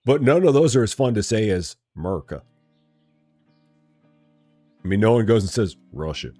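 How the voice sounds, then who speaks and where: While playing a store simulator on a live stream, a man chats with viewers and jokes to himself, slipping into playful mock voices. His fairly low voice is expressive and warm at a moderate pace, recorded dry over soft background music.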